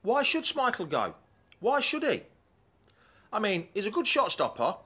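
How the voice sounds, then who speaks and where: A man's voice: high-pitched, wildly swooping pitch, measured pace, pushed and bright, husky. A man hosting a live fan chat show in a chatty, rambling way, breaking off to greet commenters.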